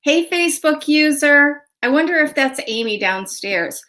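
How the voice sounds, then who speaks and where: A woman's voice: high voice, animated, unhurried, pushed and bright. A woman hosting a casual livestream tarot show, chatty and friendly with viewers, laughing often and a little stuffy from a sinus cold. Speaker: host and tarot reader.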